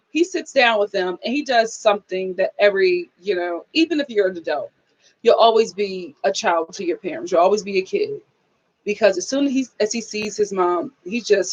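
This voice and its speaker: A young adult woman chatting casually as she reviews a reality show, emphatic and animated, acting out the scenes she describes. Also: on the high side, lo-fi sound.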